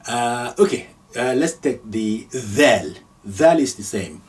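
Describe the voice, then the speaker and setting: A man from Nigeria gives a patient beginner's lesson in reading Arabic, saying each sound again and again with an easy chuckle. His pitch moves a lot as he speaks. He talks slowly, and he sits a little back from the microphone. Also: expressive, far from the mic. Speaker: Arabic teacher. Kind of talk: slow step-by-step lesson.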